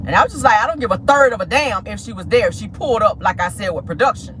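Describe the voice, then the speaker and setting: A woman hosting a casual celebrity gossip show from inside a car, sassy and animated, calling her listeners honey and girl. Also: medium pitch, fast, slight background noise. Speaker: host of a gossip talk show.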